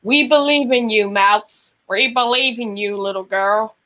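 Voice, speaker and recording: A woman's voice: on the high side, a little slow, lo-fi sound. A woman in casual group chat, giggly and encouraging.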